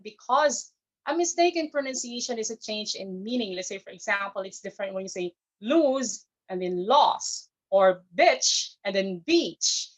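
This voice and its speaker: A Filipina woman whose first language isn't English speaks in a fairly high, slightly bright voice. At an online speech club, she gives a careful, teacherly evaluation of grammar and pronunciation in English. The video call audio sounds dull and lo-fi.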